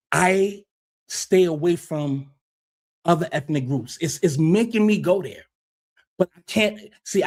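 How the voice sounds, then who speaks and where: American male streamer, high voice, heated rant, swears a lot, repeats himself. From United States. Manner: profane, combative, repeats himself. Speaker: livestream host.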